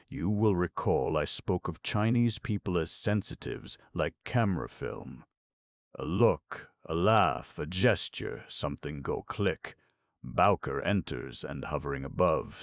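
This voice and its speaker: Courtly older detective in an audiobook, man reading, very deep gravelly voice, flowery clipped speech. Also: no room sound, clean studio sound, full character voice. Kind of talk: audiobook narration.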